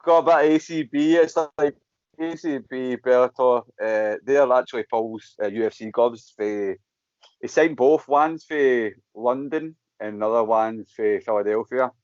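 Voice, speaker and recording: Animated Scottish man telling stories. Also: medium pitch, a little slow, no echo, dull audio. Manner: animated storytelling, frequent swearing, acts out quotes. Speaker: guest, MMA fighter. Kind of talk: casual chat.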